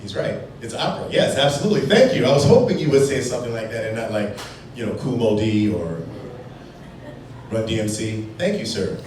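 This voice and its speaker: A wry man from Chicago does stand-up in a busy bar, his speech rising and falling in animated swings. He sounds far from the mic, in a very echoey room over clear crowd noise. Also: lowish voice. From Chicago, USA. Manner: wry, playful, quick jumps into put-on voices. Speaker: stand-up comedian. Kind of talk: stand-up comedy set. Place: bar stage in a brew pub. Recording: distant, echoey, noisy live bar recording. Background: audience laughter and bar noise.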